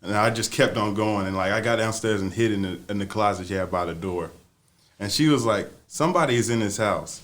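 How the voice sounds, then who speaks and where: A man co-hosting a laid-back podcast tells an animated story, bursting into laughter and performing the quotes. His pitch is fairly low and he speaks a little quickly.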